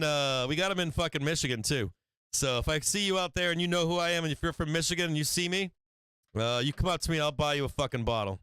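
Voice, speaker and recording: A man's voice: a little high, bright, forceful tone, clean tone, dry recording. A man hosting a stock trading livestream in casual chat, rambling and swearing freely, often breaking into laughter.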